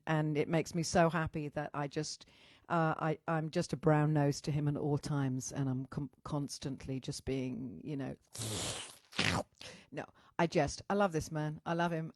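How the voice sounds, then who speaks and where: A woman's voice: low-pitched, no room sound, clean studio sound. A woman musician hosting a casual livestream. She greets viewers as darling, chats effusively and swears freely while talking into a microphone at home. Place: at home, indoors. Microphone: microphone in front of her.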